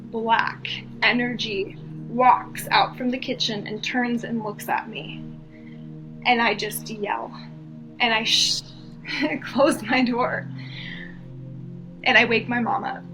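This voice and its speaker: A woman from the US East Coast, a podcast guest, telling a personal story earnestly and with feeling, repeating phrases for emphasis. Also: on the high side.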